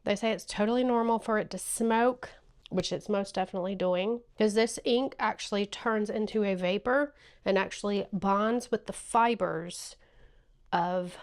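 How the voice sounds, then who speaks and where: A woman talking casually through a craft project in a how-to vlog, narrating each step and getting excited. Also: mid-range voice. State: tearful and emotional. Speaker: craft vlogger.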